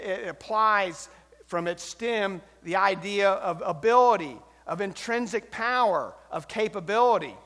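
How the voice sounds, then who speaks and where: High-voiced preaching pastor in reverb. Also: male voice, fairly bright tone. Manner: emphatic preaching, swelling and dropping in volume. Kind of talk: sermon. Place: church. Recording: long hall reverb.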